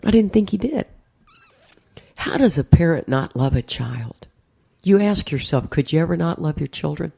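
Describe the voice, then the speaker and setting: Speaking at a recovery meeting, a middle-aged woman with a low, creaky, warm voice gives personal testimony to a live audience. Her story is candid and laced with self-mocking humor.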